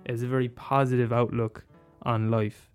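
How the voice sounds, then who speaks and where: A man's voice: mid-range voice, little pitch movement, normal speed, clear, resonant tone, soft background music. A man talking casually about a favourite film, rambling and restarting, swearing and laughing as he goes. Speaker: film commentator. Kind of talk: casual monologue.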